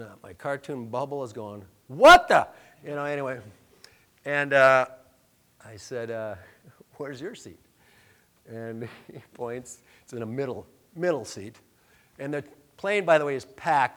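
A man preaching a sermon, telling a personal story in a conversational, joking way, dropping to soft murmurs and rising to loud emphatic lines. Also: mid-range voice. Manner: conversational, self-deprecating, jokey asides. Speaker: pastor.

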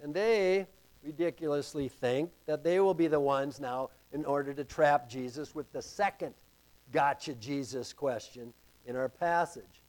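A man preaching a sermon to a congregation, slow and emphatic, with dramatic rises in pitch and volume. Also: a little mellow. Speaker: pastor.

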